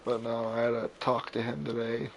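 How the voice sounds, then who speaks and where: Man, Florida-born, Arizona-raised gamer, animated and profane storyteller, faint background hiss. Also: medium pitch, moderate pace, vocal fry, poor audio. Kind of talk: casual chat while playing.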